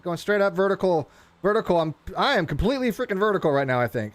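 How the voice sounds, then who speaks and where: A man narrates his flight-sim session in a loose, rambling way, with a slightly high and very lively voice. He often restarts his sentences. The sound is dry and close to the mic. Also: quick pace, no room sound. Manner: rambling, self-interrupting, excitable. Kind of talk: casual live gameplay commentary.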